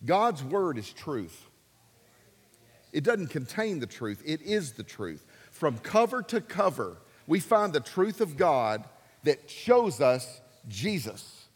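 Animated male preacher in a reverberant hall. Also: slow, husky. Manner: animated, emphatic preaching with big swings in pitch and volume. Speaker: pastor. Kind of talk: sermon.

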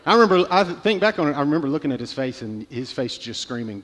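A man in his thirties preaches from the pulpit, his voice sitting a little high. He tells a story in halting bursts, with many restarts and fillers. A long hall reverb trails his words. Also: sing-song, a bit bright. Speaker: pastor. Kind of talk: sermon.

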